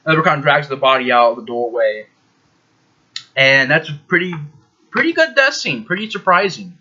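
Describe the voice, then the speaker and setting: Man, casual movie review, rambling, emphatic, bright tense voice, lo-fi recording. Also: mid-range voice, very animated, moderate pace. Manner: rambling, emphatic, frequent fillers.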